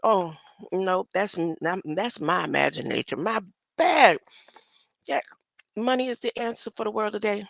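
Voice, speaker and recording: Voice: mid-range voice, moderate pace, vocal fry, fairly bright tone, no echo. A vlogger talking in a rambling casual monologue, musing and drifting from topic to topic and chuckling often. The sound is dull and lo-fi.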